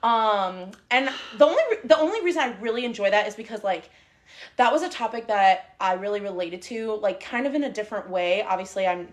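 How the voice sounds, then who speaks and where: A young woman from the Middle East co-hosting a podcast in a casual, chatty way, with lots of fillers and quick laughs. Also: mid-range voice, lively intonation. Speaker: podcast co-host. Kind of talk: casual chat. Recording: live stream, recorded together in a car.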